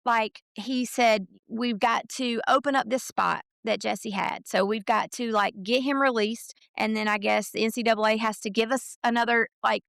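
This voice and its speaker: Telling a lengthy story as a podcast guest, this middle-aged mother of a college football recruit chats freely, using many fillers and slipping into quoted voices to replay conversations. Her voice is gravelly, heavily fried, slightly higher than most, and fairly bright. It's captured close and dry, without echo or room sound.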